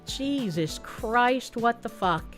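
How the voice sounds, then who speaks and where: Woman streamer, high voice, casual and profane, faint music in the background. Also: lively intonation, slow pace. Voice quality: profane, exasperated outbursts.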